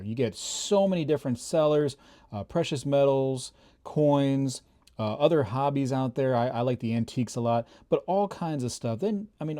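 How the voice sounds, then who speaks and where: Casting: male channel host, mellow, relaxed tone, chatty and emphatic, casual to-camera talk. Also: mid-range voice. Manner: chatty, fillers, emphatic warnings. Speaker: YouTube coin and bullion channel host.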